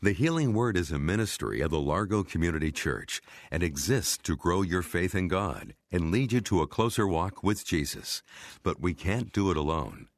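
A man reads a scripted announcement for a ministry in a smooth, measured way. His voice is very low with a lively, varied lilt. The sound is dry and close. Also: dry recording.

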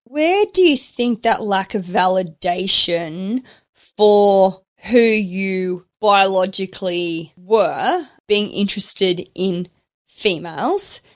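A woman's voice: medium pitch, lively intonation, slow pace. A woman hosting an interview podcast, asking probing, reflective questions. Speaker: podcast host. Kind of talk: interview chat.

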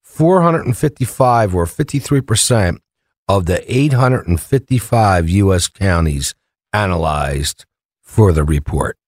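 A man co-hosting a talk radio show in a studio, chatting casually and telling jokes with an animated storyteller's manner. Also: low-pitched, a little slow, no room sound.

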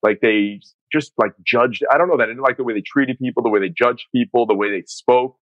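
A man's voice: medium pitch, a little fast, no room sound, dull audio. A middle-aged man from the Northeastern United States, talking candidly as a coach and guest in a casual podcast conversation, with lots of fillers. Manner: candid, animated storytelling with many fillers.

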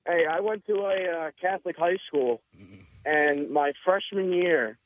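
A man calling in to a radio show, telling a lively story. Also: a little high, unhurried. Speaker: caller. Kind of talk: casual chat. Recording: tinny phone line with faint noise.

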